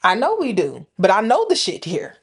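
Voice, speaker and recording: A woman's voice: medium pitch, huge pitch swings, moderate pace, slightly rough. A woman co-hosting a podcast, telling a story in a casual, dramatic way. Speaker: podcast co-host.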